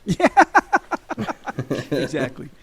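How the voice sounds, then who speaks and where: A middle-aged man co-hosts a podcast, recounting movie scenes casually, laughing and swearing often. His voice is a little high and breathy, with wildly swooping pitch and a very slow pace.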